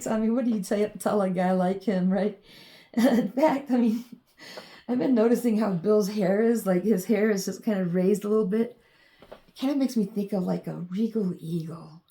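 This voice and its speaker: A woman's voice: medium pitch, dark tone. A woman vlogging in a casual, meandering monologue full of ums and you-knows as she shows her drawings.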